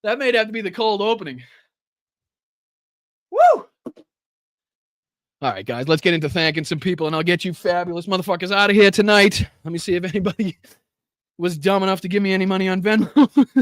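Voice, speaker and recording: A Boston-accented man hosts a political livestream, swearing freely, laughing, and giving viewer shout-outs as he catches his breath, rowdy and out of breath throughout. He has a high voice and talks fast. The studio sound is clean, with no room sound.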